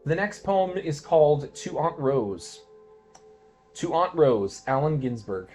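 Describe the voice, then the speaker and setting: Man, dramatic poetry reading, fairly high voice, expressive swings from hush to loud, faint music behind. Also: slow pace. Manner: expressive, shifting between quiet and loud declamation. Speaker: poetry reader.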